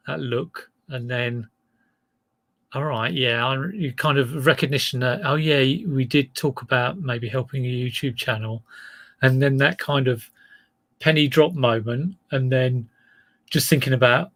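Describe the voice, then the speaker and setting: A man's voice: medium pitch, unhurried, fairly bright tone. A middle-aged man chatting casually on a livestream as a reseller, rambling and self-deprecating.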